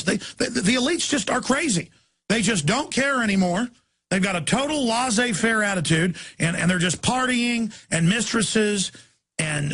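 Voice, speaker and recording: A talk show host, a man, launches into an angry political rant, repeating himself and breaking into shouts. His voice is high, gravelly and raspy.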